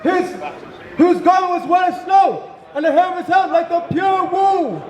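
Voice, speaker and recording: A man reading scripture aloud to a crowd in a loud, declaiming voice. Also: very high-pitched, normal speed. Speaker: scripture reader. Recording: echoey and roomy, crowd behind.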